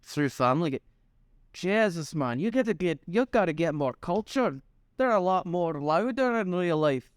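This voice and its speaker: Lively, clear-voiced man joking around. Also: sits high, normal speed, dry recording. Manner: joking, rambling and teasing. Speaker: podcast co-host. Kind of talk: casual chat.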